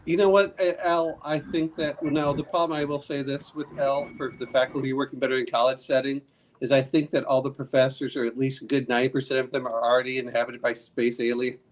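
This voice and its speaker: A man with a mid-pitched voice chats about tabletop games in a joking, tongue-in-cheek way. He lands his lines with wry humor. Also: little pitch movement, brisk, a little hiss or hum, poor audio. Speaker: podcast panelist.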